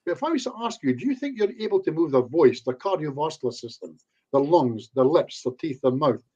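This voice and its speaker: This hypnotherapist guest sounds very animated and brisk, his voice on the high side with a husky, darkish tone, though the recording is muffled. Chatting casually in an online interview, he acts out bits of what clients say in quoted asides.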